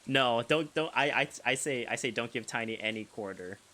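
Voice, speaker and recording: A man's voice: medium pitch, normal speed, sharp tone, a little hiss or hum. A young man chatting casually while streaming a video game, rambling and restarting his sentences and laughing often. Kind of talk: casual live-stream chat while gaming. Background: game music.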